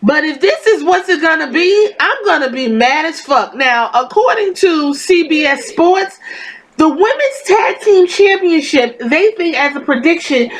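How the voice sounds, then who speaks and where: A woman's voice: sits high, expressive, a little slow, low-quality recording. A woman hosting a podcast, giving a casual wrestling review in a blunt, profane, exasperated and sarcastic rant. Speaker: podcast host.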